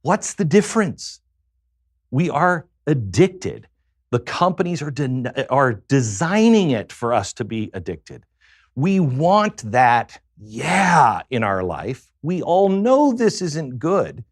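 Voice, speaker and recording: A man's voice: mid-range voice, very animated, takes it slowly, darkish tone, no room sound, clean studio sound. A man, a guest on a talk show, tells a personal story in a reflective way that halts on many fillers.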